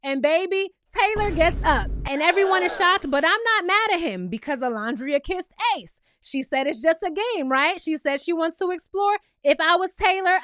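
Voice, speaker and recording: Young woman, high voice, sassy reality show recap, keeps talking right to the viewers, dry close sound. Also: fairly bright tone, no echo. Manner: sassy, chatty, addresses viewers directly with frequent "okay?". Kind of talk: casual episode recap.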